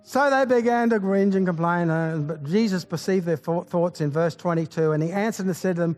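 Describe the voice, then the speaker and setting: A man with a notably high voice preaches with fervor, firing off rhetorical questions and folksy jokes. He keeps building toward exclamations of praise. Soft music plays faintly behind him. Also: expressive, a little fast, hardly any pauses. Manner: exclamatory, rallying the congregation. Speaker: pastor. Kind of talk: sermon.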